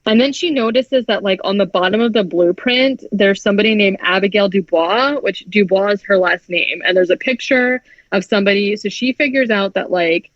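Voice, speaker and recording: A woman's voice: mid-range voice, normal speed, few pauses, no echo. A woman on a podcast runs through a film's plot in loose, rambling chat, full of "like" and swearing. Her mid-range voice is heard dry and close, with no room around it. The audio is slightly dull and lo-fi. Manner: chatty, heavy "like" filler, frequent swearing. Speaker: podcast co-host. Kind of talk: casual movie recap chat.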